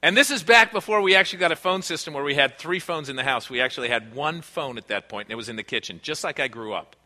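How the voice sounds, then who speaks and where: Earnest and conversational, this man preaches a sermon built on personal family-life stories. He is a pastor who speaks fast in a slightly high voice with a bright, forceful tone, echoing with the long reverb of a large hall.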